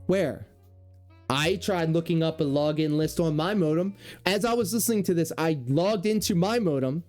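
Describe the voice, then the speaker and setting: A man's voice: on the high side, normal speed, darkish tone, soft background music. Sarcastic, profane man reacting to a clip. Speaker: reaction commentator, former cable technician. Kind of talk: casual reaction commentary.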